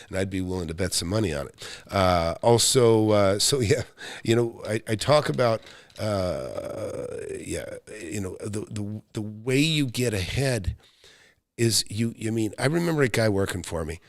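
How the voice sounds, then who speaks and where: A man's voice: lowish voice, expressive, unhurried, no echo. A middle-aged American man hosting a live stream about making money, talking bluntly, swearing now and then, with lots of restarts. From United States. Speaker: real estate coach hosting a live Q&A stream. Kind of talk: live-stream chat with viewers.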